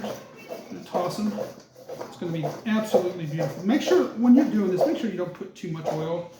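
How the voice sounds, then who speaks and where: A man's voice: sits high, very noisy. A man giving a casual cooking demonstration, chatting to viewers as he chops and preps. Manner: chatty, talks while working, addresses viewers as folks. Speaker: cooking instructor. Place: kitchen. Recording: echoey kitchen with loud clatter.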